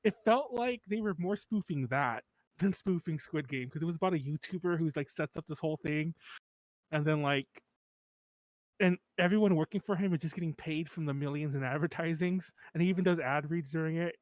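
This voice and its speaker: A man's voice: on the high side, brisk, dry recording. A man co-hosting a podcast in casual chat, rambling, swearing and laughing often. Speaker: podcast co-host.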